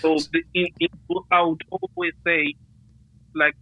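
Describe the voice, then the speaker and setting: A man's voice: high voice, big pitch swings, measured pace, vocal fry, bright, forceful tone, dry recording. A man talking casually about running a business, hesitant, with many fillers and restarts. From United Kingdom. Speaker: guest. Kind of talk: casual conversation. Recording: tinny phone line, dry.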